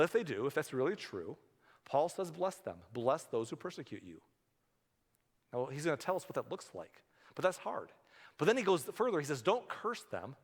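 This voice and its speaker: Conversational male pastor in a reverberant hall. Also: on the high side. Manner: conversational, acts out voices of grumpy people. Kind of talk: sermon. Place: church sanctuary.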